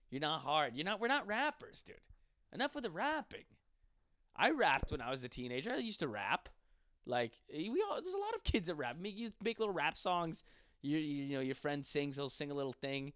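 Animated, profane young comedian man. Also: fairly high pitch, dry recording, studio quality. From western New York. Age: 20s. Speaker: stand-up comedian. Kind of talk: casual podcast rant.

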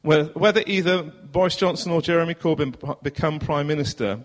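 A pastor with a southern English accent preaches earnestly in church, posing rhetorical questions and shifting between loud and hushed passages. His voice sits a little high and moves briskly, with long hall reverb on the recording.

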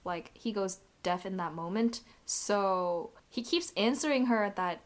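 A woman's voice: medium pitch, expressive, a little slow. Chatty young-sounding woman recapping a show. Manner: chatty, lots of "like", laughs often. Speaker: podcast co-host recapping a drama. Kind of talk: casual chat.

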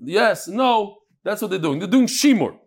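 A man's voice: high-pitched, big pitch swings, moderate pace, breathy edge. A man, teaching a Talmud class and telling stories with Hebrew and Yiddish terms.

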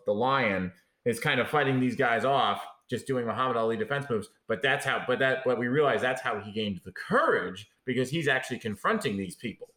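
A man in casual chat who thinks aloud, hesitant and quick to agree. The recording has a roomy echo around him. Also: medium pitch, fairly bright tone.

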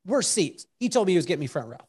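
A man telling animated stories as a podcast guest, acting out what people said and breaking into song, with halting restarts when he explains a point. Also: high-pitched, breathy edge. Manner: lively storyteller who acts out quotes and sings bits. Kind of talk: animated storytelling in conversation.

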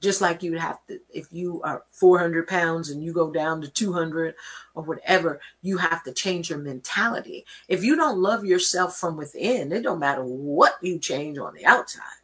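Husky-voiced woman giving an encouraging talk. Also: deep voice, moderate pace, fairly bright tone. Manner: preachy, encouraging, quotes scripture. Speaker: host. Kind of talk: inspirational talk.

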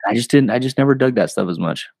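A man, a podcast guest, telling stories in a loose, animated way, full of fillers and quick laughs. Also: medium pitch, no echo. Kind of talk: casual storytelling.

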